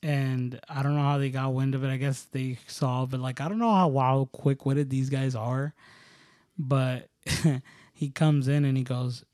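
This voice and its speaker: Rambling man telling a story, mellow dry voice. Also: medium pitch, fairly even intonation, a little slow, dry recording. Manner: rambling, filler-heavy, many "like"s and restarts; laughs while telling stories. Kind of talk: casual storytelling chat.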